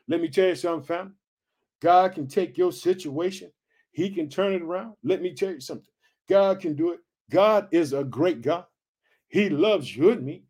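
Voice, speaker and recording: High-voiced emphatic male preacher. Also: lively intonation. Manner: exclaiming and emphatic, reads scripture in a slow raised voice; casual preaching with repeated catchphrases. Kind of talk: sermon.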